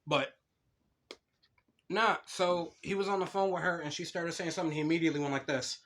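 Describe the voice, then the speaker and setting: Animated cursing podcast guy. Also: fairly high pitch, brisk. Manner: swears a lot, animated storytelling. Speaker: podcast co-host. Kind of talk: casual podcast chat.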